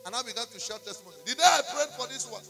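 A Nigerian man delivers a sermon, his fairly high voice bright and gravelly. He tells a personal testimony with pidgin asides. Music plays behind him in the church. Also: lively intonation, rapid-fire. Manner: storytelling, slipping into pidgin, rising to shouts and singing. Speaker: prophet preaching. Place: church service.

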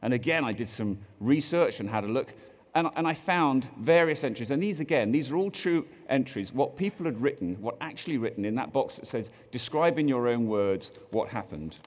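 A lively British man delivers a keynote speech, his pitch swinging widely as he jokes with the audience. His voice carries a long hall reverb from a large conference room. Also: fairly quick. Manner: lively, joking presenter who reads out quotes in put-on voices. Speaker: conference co-chair giving a keynote.

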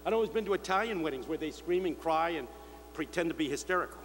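Animated older man preaching in a hall. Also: a little high, fast. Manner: storytelling, mimicking shouts of others. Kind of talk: sermon. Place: large convention hall. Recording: echoey hall with faint hum.

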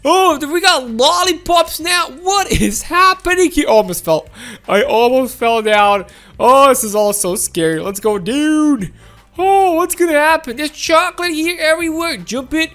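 High, lively woman narrating gameplay. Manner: excitable, gasping and laughing, talks to viewers. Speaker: gameplay video host. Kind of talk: excited gameplay commentary.

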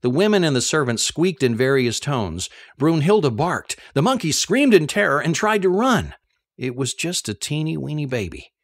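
A man reading a first-person novel aloud, telling the story in an expressive, animated way. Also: fairly high pitch, moderate pace, dry recording, clean studio sound. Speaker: audiobook narrator.

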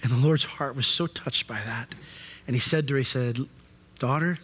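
A man preaching a sermon as pastor in a church, expressive and lively, acting out the voices in the stories he tells. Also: mid-range voice, slow, pauses often, husky. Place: church sanctuary. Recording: long church reverb.

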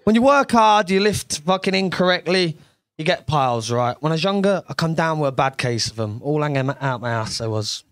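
A man's voice: on the high side, expressive, brisk, clear, resonant tone, dry recording, studio quality. A young man doing a brash, sweary stand-up comedy set on a club stage.

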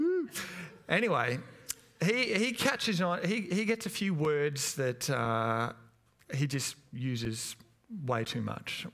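A man in his thirties preaches a sermon in a church, in a voice of middling pitch. He tells stories in a loose, chatty way, pausing on fillers and restarting sentences. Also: fairly bright tone. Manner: chatty, anecdotal, hesitant with many fillers. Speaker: pastor.

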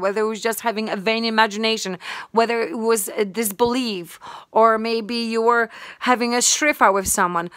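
A woman's voice: on the high side, fairly bright tone, no echo, clean studio sound. A woman giving an impassioned religious sermon, fervent and emphatic, repeating her points. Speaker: online preacher.

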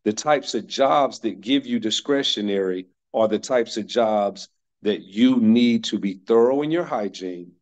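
A man's voice: medium pitch, darkish tone, highs cut off. A man in his fifties from North Carolina, giving a motivational workshop talk, emphatic and repeating key phrases for stress. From North Carolina, United States. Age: 50s. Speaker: workshop speaker.

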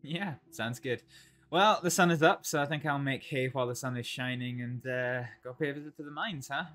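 A Scottish man roleplaying live on a game stream, chatting with many fillers and pauses. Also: medium pitch, fairly bright tone, soft background music. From Scotland.

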